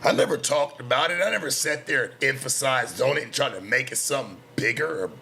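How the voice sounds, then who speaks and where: A man's voice: medium pitch, fast, creaky, pushed and bright, a little hiss or hum. A man in his thirties hosting a late night talk show, ranting casually and defensively with lots of slang and swearing. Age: 30s. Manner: boastful, defensive, heavy slang. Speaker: show host. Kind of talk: profane casual rant.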